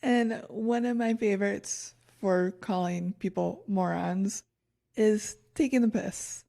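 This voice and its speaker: A woman's voice: mid-range voice, slow pace, gravelly, mellow. A woman co-hosting a podcast, reading her research notes in casual chat and laughing at her own stumbles. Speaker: podcast co-host.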